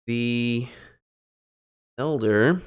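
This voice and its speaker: A man streaming a Greek translation lesson, thinking aloud in a halting way and pausing while he writes notes. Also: mid-range voice, clean tone. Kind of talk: relaxed live-stream teaching.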